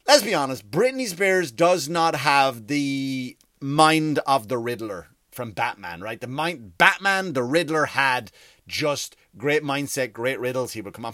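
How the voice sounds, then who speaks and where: A man's voice: a little high, big pitch swings, moderate pace, a bit bright, dry recording, clean studio sound. A man doing a rambling, sarcastic comedy rant, full of swearing.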